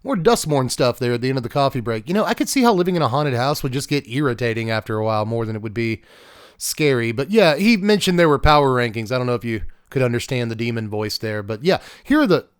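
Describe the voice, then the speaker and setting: A man's voice: mid-range voice, lively intonation, quick pace, clear, resonant tone, no echo, studio quality. Chatty man talking card decks. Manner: chatty, with offhand asides. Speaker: card game channel host. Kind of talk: casual deck-tech commentary.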